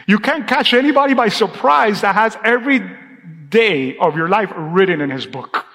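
Man, pastor, preaching a sermon, high voice, church hall reverb, lively call-and-response. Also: normal speed. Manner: preaching with call-and-response, drops to a hushed tone for emphasis. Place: church sanctuary.

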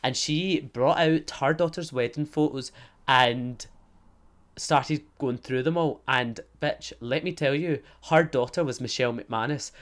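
A Scottish man hosting a casual podcast, gossipy and self-mocking. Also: on the high side. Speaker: podcast host. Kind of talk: casual solo podcast chat.

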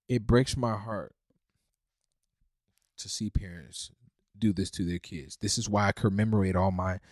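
Male podcast preacher, fervent, loud peaks to soft pleas, dry close sound. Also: on the low side, fairly even intonation, slow, pauses often, dry recording. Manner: fervent, swings from loud preaching to hushed pleading. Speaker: podcast host.

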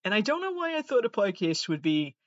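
A man's voice: sits high, very animated, fairly quick, a bit bright, no room sound, dull audio. A man with a nasal voice hosting a solo podcast, talking in a sardonic, exasperated way and swearing often. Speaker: podcast host.

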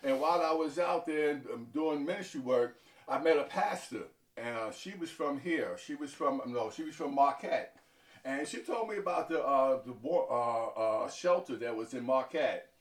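A man from Harlem, New York, a deacon giving halting interview answers that often stumble and repeat words. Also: mid-range voice, animated. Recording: echoey, from far off.

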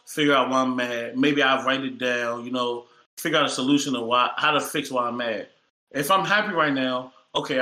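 A man's voice: mid-range voice, pushed and bright, reverberant. A man co-hosting a podcast in casual, profane chat, joking and upbeat. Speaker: podcast co-host.

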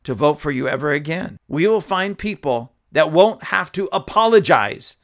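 A man's voice: a little high, lively intonation, normal speed, fairly bright tone. A man giving opinionated commentary, reading news aloud and scolding emphatically, with fillers and restarts along the way. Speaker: political commentator.

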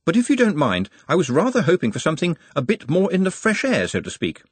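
An earnest young servant boy, all cheerful deference and helpfulness, played by a man reading aloud. His voice sits noticeably higher than the reader's own, with a husky grain. It is delivered in a dry, close audiobook sound. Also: huge pitch swings, fast, dry recording, heavily acted. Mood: polite. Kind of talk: audiobook character voice.

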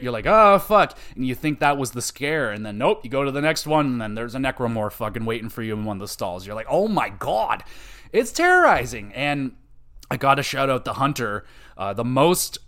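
A man hosting a gaming podcast, talking casually and excitedly, swearing a lot and acting out his own startled reactions with sudden loud outbursts. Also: mid-range voice. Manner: excitable, profane, swears constantly. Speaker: podcast host.

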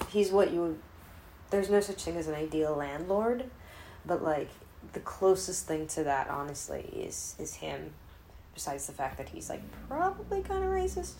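Woman vlogger at home, lowish voice, rambling profane delivery with sudden whispers, faint background ambience. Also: a little hiss or hum. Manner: rambling, profane, drops to whispers then gets loud. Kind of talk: casual vlog chat.

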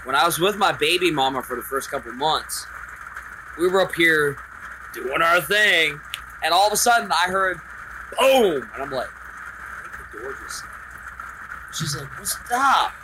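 A man hosting a casual podcast chat, telling stories animatedly, acting out loud quotes and swearing freely. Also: fairly high pitch, animated, normal speed, background noise.

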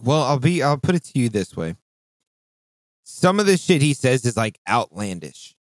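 A man co-hosting a podcast in casual chat, animated and profane, often jumping into mock voices. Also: moderate pace, no echo. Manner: animated, swearing, mimics voices with big pitch jumps. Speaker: podcast co-host.

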